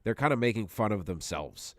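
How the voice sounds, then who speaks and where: A man's voice: on the low side, expressive, brisk, fairly bright tone, no room sound, clean studio sound. A man co-hosting a casual podcast chat, telling rambling, profane stories and laughing often. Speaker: podcast co-host.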